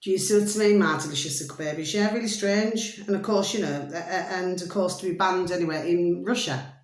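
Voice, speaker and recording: A woman's voice: fairly low pitch, a little fast, reverberant. A woman, rambling affectionately to her viewers in a sing-song, meandering way, full of pet phrases. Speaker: vlogger. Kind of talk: rambling casual address to camera.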